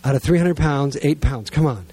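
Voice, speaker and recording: A middle-aged man preaching to a gathered congregation, telling a self-mocking family story in a lively way and then praying quietly and earnestly. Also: mid-range voice, normal speed, husky. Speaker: pastor. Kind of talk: sermon storytelling and prayer. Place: church gathering with listeners present.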